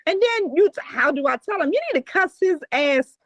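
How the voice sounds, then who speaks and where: A woman's voice: very high-pitched, expressive, brisk, no echo, poor audio. A woman co-hosting a podcast, talking bluntly and emphatically in casual chat with a lot of cursing. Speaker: podcast co-host.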